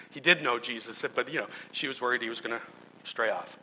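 A man's voice: mid-range voice, quick pace, sharp tone, slight background noise. A male pastor preaching a sermon, telling stories earnestly with frequent restarts. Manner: earnest storytelling with repeated restarts. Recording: long hall reverb.

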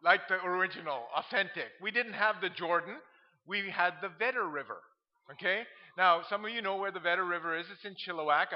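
A middle-aged man who is a pastor, telling funny stories from the pulpit in an animated way and laughing at his own tales. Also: high-pitched. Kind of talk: humorous sermon storytelling. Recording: dull lo-fi sound.

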